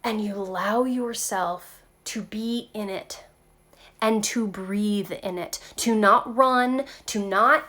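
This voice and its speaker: A woman talking casually to her viewers about spiritual growth, animated and chatty, often saying "like" and "okay". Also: medium pitch, slow. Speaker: spiritual tarot vlogger.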